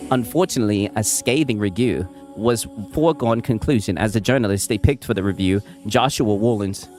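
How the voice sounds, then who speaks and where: A man's voice: lowish voice, brisk. A man streaming casual commentary, rambling and mocking, tagging lines with "right?". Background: music playing.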